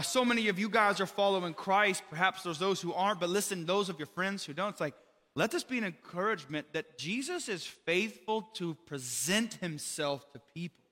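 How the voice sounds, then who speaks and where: Guy preaching real casual, bright tense voice, big echoey hall. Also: on the high side. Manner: casual, conversational preaching with many fillers. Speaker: pastor. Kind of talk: sermon.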